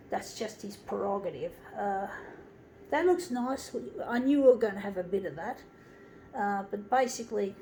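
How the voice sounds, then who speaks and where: Aussie woman venting on her vlog, lots of swearing, keeps saying folks, bit of a higher voice, faint noise behind. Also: a little mellow, low-quality recording. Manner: heavy swearing, addresses viewers as folks. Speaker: vlogger. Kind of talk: angry personal rant to viewers.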